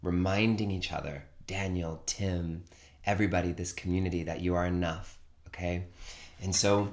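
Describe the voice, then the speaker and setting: A man hosting a live online spiritual session, gently encouraging his audience to join in. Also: deep voice, roomy sound, slight background noise. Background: guitar playing.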